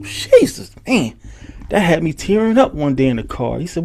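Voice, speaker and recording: A man's voice: fairly high pitch, big pitch swings, moderate pace, vocal fry, a little mellow, slight background noise. A man teaching and leading a study group on a call, fervent and emphatic, breaking into praise. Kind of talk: leading an online group class.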